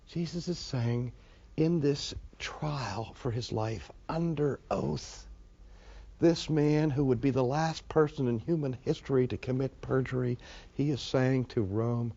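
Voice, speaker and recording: A man's voice: medium pitch, a little slow, creaky, warm tone. A male preacher delivering an emphatic sermon, with rhetorical questions to the audience, in a dull lo-fi recording.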